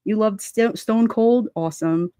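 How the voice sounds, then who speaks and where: A woman's voice: medium pitch, unhurried, mellow, clean tone, no room sound, studio quality. A woman hosting a casual livestream, chatting and reading comments from her chat in a rambling way, laughing often. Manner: rambling, laughs often, lots of fillers and restarts.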